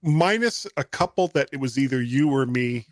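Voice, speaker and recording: A man's voice: mid-range voice, moderate pace, no echo, clean studio sound. A man hosting a podcast in casual chat, loose and rambling as he explains. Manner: relaxed, rambling with restarts. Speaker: podcast host.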